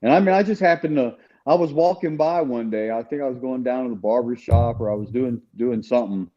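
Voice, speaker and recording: Mellow-voiced man telling a story. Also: medium pitch, fairly quick, muffled recording. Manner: conversational, with repeated restarts and "you know". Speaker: podcast guest. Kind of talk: casual storytelling chat.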